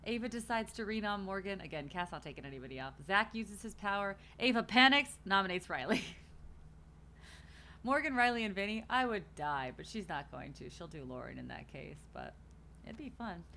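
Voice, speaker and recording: A woman's voice: medium pitch, expressive, normal speed, sharp tone, slight background noise. A young woman hosting a watch party stream, chatting casually and animatedly, swearing and acting out quotes. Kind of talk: casual chat.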